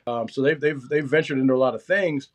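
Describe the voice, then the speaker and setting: A man in his fifties, a former magazine writer appearing as an interview guest, talks fast in a mid-range voice. His casual interview chat is loose and rambling, full of restarts.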